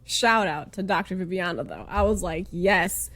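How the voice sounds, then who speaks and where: A woman co-hosting a podcast in casual, expressive chat. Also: fairly low pitch, normal speed. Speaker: podcast co-host.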